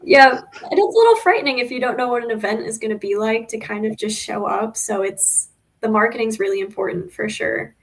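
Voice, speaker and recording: A woman motorcycle racer being interviewed, talking in a friendly, relaxed way with many small fillers. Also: on the high side, fairly quick. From United States. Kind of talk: casual interview.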